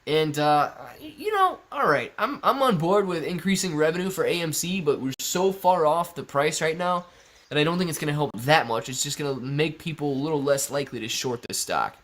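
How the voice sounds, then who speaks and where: A man's voice: fairly high pitch, expressive, brisk, fairly bright tone. Laid-back man hosting a stock livestream. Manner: chatty, laid-back, often laughing, says "man" and "bro". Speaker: stock livestream host reading chat. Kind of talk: casual livestream Q&A.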